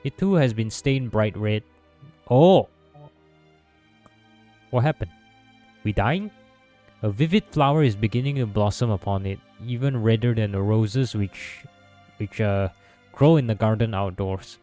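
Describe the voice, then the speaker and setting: Low mellow man reading a story game. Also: moderate pace, faint music behind. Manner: steady second-person narration with small stumbles. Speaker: gameplay narrator. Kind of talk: reading a visual novel aloud.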